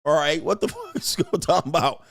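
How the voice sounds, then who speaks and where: A man's voice: a little high, huge pitch swings, fairly quick, gravelly. A man hosting a show, ranting in a crude, boastful, swaggering way in casual talk. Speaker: show host. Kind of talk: casual livestream rant.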